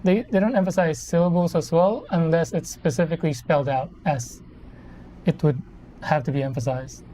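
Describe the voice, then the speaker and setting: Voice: medium pitch, moderate pace, dark tone, slight background noise. Voix douce, philippin. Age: 30s. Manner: rambling, self-correcting, explanatory. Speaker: live streamer. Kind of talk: casual live-stream chat while building a model kit.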